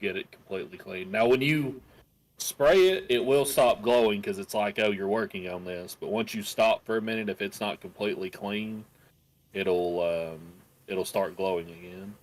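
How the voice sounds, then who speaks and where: A man's voice: fairly low pitch, normal speed. A man playing a game with a friend on a stream, explaining the game and teasing his co-player in a dry way. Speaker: guest co-player. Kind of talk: casual gameplay chat.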